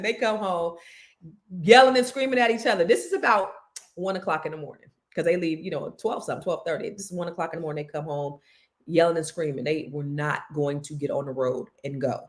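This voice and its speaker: Chatty woman podcast host. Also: lowish voice. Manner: animated, chatty, with lots of restarts. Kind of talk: casual storytelling chat.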